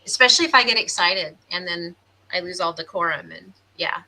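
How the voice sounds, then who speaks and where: Chatty Southern American woman, bright voice. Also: on the low side, a little fast, rough recording. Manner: chatty, laughs often, reads viewer comments aloud. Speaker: podcast co-host. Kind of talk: casual chat on a live stream.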